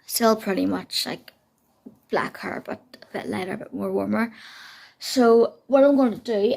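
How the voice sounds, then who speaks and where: A woman's voice: mid-range voice, creaky. A young woman, chatting casually at home in a rambling beauty vlog. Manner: rambling, self-deprecating, many fillers. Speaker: beauty vlogger.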